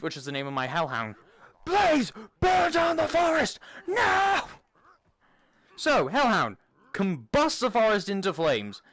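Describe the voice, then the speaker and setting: A man with a high voice that leaps all over the place hosts a gaming video, recounting a game session in loose, casual chat. He is an animated, laughing storyteller. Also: no echo.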